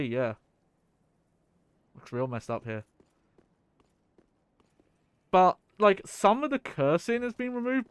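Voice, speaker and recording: Chatty streamer man, smooth dry voice. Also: fairly high pitch, no echo. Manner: rambling, chatty, swears and laughs. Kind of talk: casual gameplay commentary.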